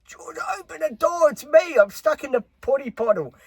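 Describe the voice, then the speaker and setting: A man putting on a high whiny stranded bloke. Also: animated, brisk, no echo, studio quality.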